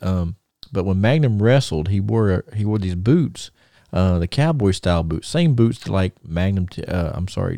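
A man's voice: deep voice, gravelly, dark tone, no echo, clean studio sound. A middle-aged man, co-hosting a podcast and telling rambling stories full of fillers and restarts. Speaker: podcast co-host. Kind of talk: casual storytelling.

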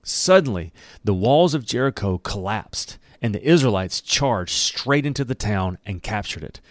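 A man giving a casual Bible teaching. He tells the story in a lively way, reads the verses aloud, and acts out the characters' lines with a laugh. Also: on the low side, normal speed, dry recording, studio quality. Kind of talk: conversational Bible teaching with scripture reading.

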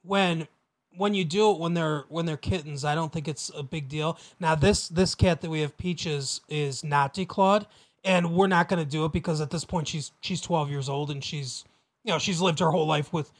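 High-voiced young man, casual podcast chat. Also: steady tone. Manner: rambling, quick laughs, many restarts. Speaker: podcast co-host.

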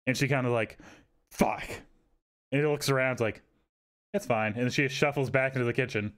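A man's voice: mid-range voice, moderate pace. A man on a podcast telling a rambling, profane story and acting out the people in it. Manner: animated, swearing, acts out quotes in raised voices. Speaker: podcast co-host. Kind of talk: casual storytelling chat.

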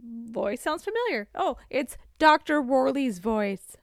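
A woman co-hosting a podcast, recapping a movie in an animated way and laughing often. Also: high-pitched, takes it slowly, creaky, no echo, studio quality. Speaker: podcast co-host. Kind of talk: casual chat recapping a movie.

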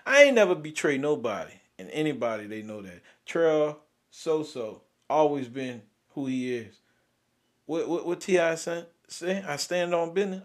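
A young man, hosting and venting about grief in a raw, profane way, swinging from loud outbursts to near-whispers. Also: a little high, sing-song, moderate pace. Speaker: podcast host. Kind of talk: emotional personal venting.

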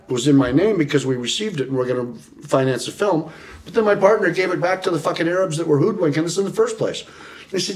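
Middle-aged man, storyteller, profane and animated, voices his own quotes, medium pitch. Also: fast talker. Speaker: podcast guest. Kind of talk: storytelling interview.

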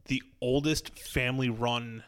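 A man's voice: medium pitch, fairly even intonation, measured pace, a bit bright. A man chatting casually on a podcast, easygoing and agreeable, riffing along with enthusiasm. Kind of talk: casual chat.

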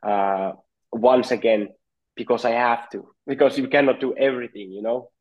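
A man's voice: mid-range voice, steady tone, moderate pace, dull audio. A man from Finland, a native Finnish speaker, answering interview questions as a goalkeeping coach in a thoughtful way, often repeating words as he searches for phrasing. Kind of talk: podcast interview.

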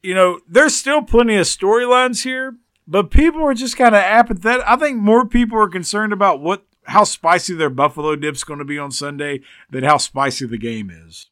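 Man, podcast co-host, bright forceful tone, dry close mic, animated sports banter. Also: sits high, moderate pace, clean tone, no echo. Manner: animated, teasing, emphatic. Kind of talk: casual sports chat.

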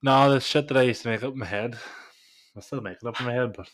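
A man's voice: medium pitch, quick pace, fairly bright tone. A young man with a Northern Irish accent, co-hosting a podcast in casual chat, swearing freely and telling vivid stories. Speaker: podcast co-host.

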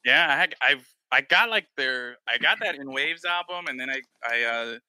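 Bright, lively-storytelling man. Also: mid-range voice, normal speed, dry recording. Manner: animated storyteller, swears freely, acts out quoted voices. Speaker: podcast host. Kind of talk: casual chat.

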